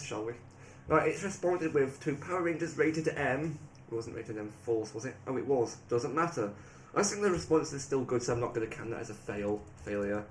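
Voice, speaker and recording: A man giving rambling, excitable casual commentary, often laughing and restarting his sentences. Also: mid-range voice, slight background noise. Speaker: video creator. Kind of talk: casual commentary reading AI replies aloud.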